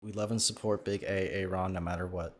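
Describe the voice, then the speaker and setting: A man joking in a deadpan way while live-streaming a social VR game. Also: sits low, fairly quick, slight background noise. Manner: deadpan, dark ironic humor.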